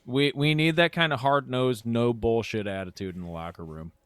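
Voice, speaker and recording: A man's voice: medium pitch, moderate pace, smooth, dry recording, clean studio sound. A man co-hosting a comedic sports podcast, playfully going along with the jokes. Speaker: podcast co-host.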